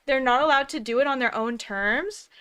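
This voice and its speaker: A woman reacts in casual commentary with a fairly high voice. She is blunt and exclamatory, dropping casual swears. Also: moderate pace, sharp tone, clean tone. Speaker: co-host.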